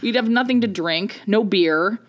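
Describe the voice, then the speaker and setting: A woman telling a comic story in casual chat, animated and self-mocking, often laughing between lines. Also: mid-range voice, normal speed.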